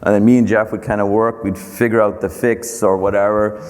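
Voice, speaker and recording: Low-pitched guy telling an old work story, stumbles and restarts a lot, echoey space. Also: little pitch movement, darkish tone. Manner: anecdotal, halting with many restarts and fillers. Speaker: company founder and CEO. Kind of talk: storytelling interview.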